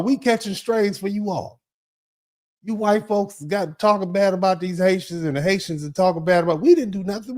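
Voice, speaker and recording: A man's voice: sits high, darkish tone. A middle-aged man hosting a commentary show, talking bluntly and heatedly with many rhetorical questions. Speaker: show host. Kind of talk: casual commentary.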